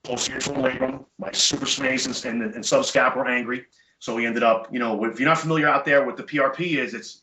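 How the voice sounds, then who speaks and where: A middle-aged man, a podcast guest, telling stories in casual chat, animated and emphatic with blunt profanity. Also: medium pitch. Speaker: podcast guest, chiropractor and jiu-jitsu black belt. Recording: echoey room, dull lo-fi sound.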